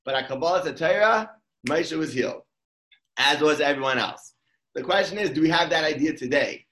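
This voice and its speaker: A man with a slightly higher voice gives a casual Torah talk. He speaks conversationally and often restarts his sentences. The room around him is echoey. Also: fairly quick, fairly bright tone.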